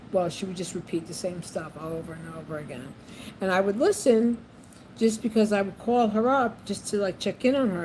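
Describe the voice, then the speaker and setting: A woman's voice: mid-range voice, darkish tone. A woman vlogging in a casual monologue, chatty and repeating herself with frequent ums. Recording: noisy background ambience.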